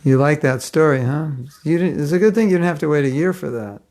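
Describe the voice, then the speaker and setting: A man's voice: fairly high pitch, fast, darkish tone. A man giving a devotional class, telling stories in a conversational way and chuckling often. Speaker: spiritual teacher.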